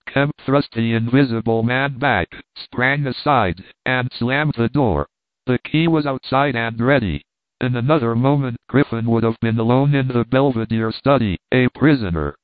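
A man giving a steady, measured scripted narration of a classic novel. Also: medium pitch, no echo. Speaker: audiobook narrator. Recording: dry phone-like audio.

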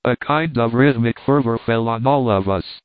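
A man reading a story aloud as scripted narration, in a steady, measured way. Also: medium pitch, smooth, no room sound. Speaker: audiobook narrator. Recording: tinny phone-like dry recording.

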